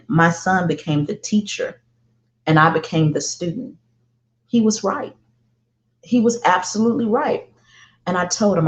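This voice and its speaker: A middle-aged woman telling a personal parenting story, emphatic and deliberate, often repeating herself for weight. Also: lowish voice. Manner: emphatic, slow and deliberate with heartfelt repetition. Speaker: parenting speaker. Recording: roomy, dull lo-fi sound.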